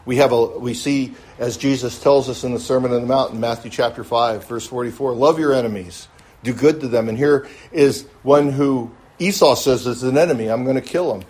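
A man teaching a Bible study class, pausing often with fillers and restarts, and answering questions politely. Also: medium pitch, a little mellow, slightly rough. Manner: halting, many fillers and restarts; polite, answers with "yes, ma'am".

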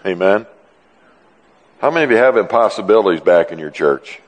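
A male pastor preaching a sermon in an animated, joking way, often acting out dialogue. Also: low voice, quick pace. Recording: long reverb in a large hall.

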